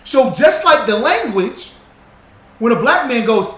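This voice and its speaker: In a very high-pitched, very animated, fairly bright voice, a man runs a livestream at a slightly slow pace. He greets viewers by name as he reads their comments, teaching in a relaxed, repetitive way that drives his points home. Expect a roomy echo with faint background noise.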